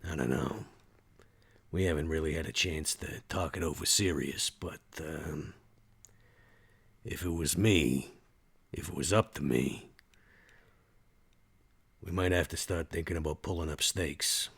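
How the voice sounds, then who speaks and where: A man's voice: very deep voice, unhurried, vocal fry, pauses often, a bit bright, husky, exaggerated voice. A man voicing a guarded, world-weary father on the run, with a laid-back drawl, in a tabletop role-play.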